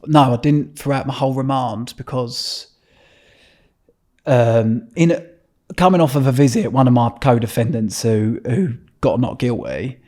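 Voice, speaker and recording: This Essex man, speaking with a local accent, is a podcast interview guest whose casual storytelling comes out blunt and meandering, full of swearing and sentences he starts over. He keeps a measured pace, and his medium-pitched voice has a dark tone.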